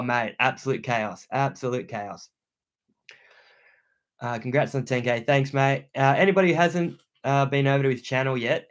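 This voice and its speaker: A young Australian man hosting a livestream from a room at home, reading viewer comments aloud and thanking them in laid-back slang. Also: medium pitch. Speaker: outdoor channel host.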